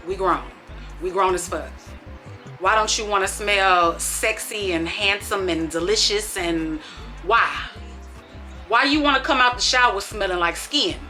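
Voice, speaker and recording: Sassy, animated woman vlogger. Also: medium pitch. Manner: animated, sassy, swings between hushed disbelief and loud exclamations. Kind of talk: casual storytime vlog.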